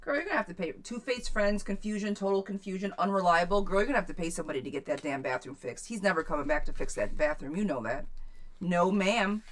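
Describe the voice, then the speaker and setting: A woman with a somewhat low voice hosts a live tarot reading and reads out questions from her chat. Her answers are blunt and outspoken, with plenty of casual swearing. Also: animated, fast talker, hardly any pauses. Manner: reads viewer questions aloud, then answers them. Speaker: tarot reader.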